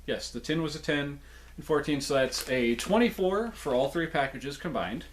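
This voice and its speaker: A man's voice: on the high side, expressive, moderate pace, a little hiss or hum. A man reviewing snacks in a casual, chatty way, with playful jokes and asides.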